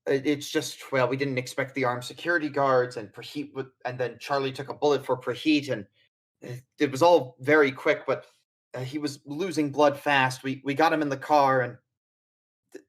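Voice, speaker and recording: A man voicing a shaken young woman who stammers out bad news in a loud, apologetic rush, in a tabletop role-play. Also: mid-range voice, level tone, normal speed, close to an everyday voice, low-quality recording. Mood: distraught.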